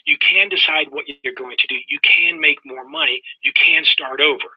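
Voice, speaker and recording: An impatient older business mentor barks short orders in a raised, husky voice, as a man puts him on. The sound is dull and lo-fi, like a webinar recording. He keeps cutting in, blunt and firm. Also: fairly high pitch, fairly even intonation, moderate pace, dry recording. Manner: shouting, cutting in.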